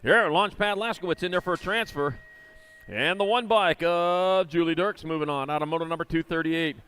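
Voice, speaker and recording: A man's voice: fairly high pitch, fairly bright tone, clear, resonant tone. A man announcing live BMX races in an indoor arena, rattling off rider names and moto numbers with corny jokes between heats. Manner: rapid-fire rider call-outs with corny jokes. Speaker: race announcer. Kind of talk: live race commentary.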